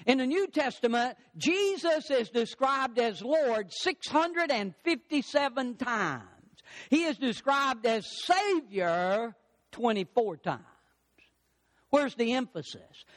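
Older male pastor, very high voice, emphatic preaching cadence. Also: expressive, slow. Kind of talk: sermon.

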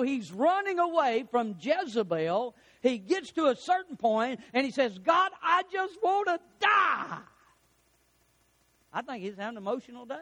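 High-voiced preacher man, storytelling. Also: fairly bright tone. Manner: storytelling preacher, acts out quotes, chuckles at own jokes. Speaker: pastor. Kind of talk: sermon.

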